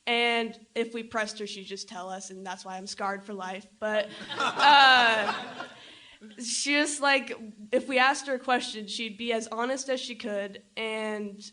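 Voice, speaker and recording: An eighteen-year-old woman speaking as a guest on a live podcast, hesitant and halting. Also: on the high side, steady tone, bright, forceful tone. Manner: hesitant, halting, full of fillers. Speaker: audience guest.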